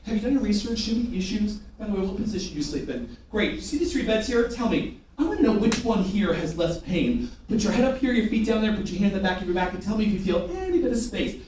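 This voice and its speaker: Male sales trainer, high pitched, energetic, recorded from a distance in a reverberant room. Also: fast talker. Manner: energetic, rhetorical questions, call-and-response with the room. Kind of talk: live sales training demonstration. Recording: echoey room from far off, faint noise.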